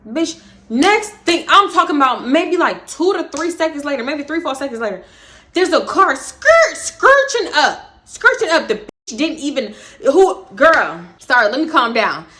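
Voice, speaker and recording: A young woman telling a storytime vlog, animated and profane, breaking into laughter. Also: sits high, moderate pace. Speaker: vlogger, storytime host.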